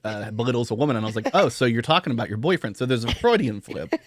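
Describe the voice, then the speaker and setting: A man's voice: medium pitch, very fast, no echo. A man hosting a podcast, telling a rambling, profane story in casual chat. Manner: animated, swearing, rambling anecdote. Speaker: podcast host.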